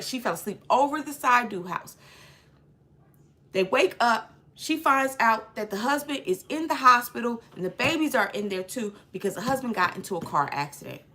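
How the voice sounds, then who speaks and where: A woman giving a casual, slangy movie recap, retelling the plot with lots of filler and acting out scenes as she goes. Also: medium pitch. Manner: lively storyteller acting out scenes. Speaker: movie reviewer.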